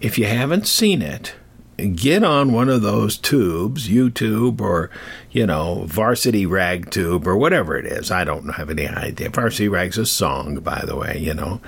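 An older man retells an old myth in a loose, chatty storytelling style, drifting off into tangents and asides. His voice is husky with a lively rise and fall. He sounds animated and talkative. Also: on the low side. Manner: rambling, digressive, animated. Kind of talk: casual storytelling.

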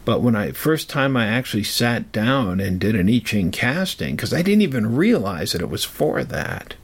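A man telling a personal story in a rambling, halting way, with frequent fillers and restarts. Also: mid-range voice, big pitch swings, husky.

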